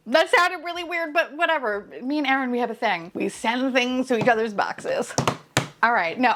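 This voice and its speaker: A woman's voice: on the high side, expressive, brisk, gravelly, fairly bright tone. A young woman chatting casually as she unboxes blind-box figures, swearing freely, gushing over them and laughing often. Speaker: vlogger unboxing blind boxes.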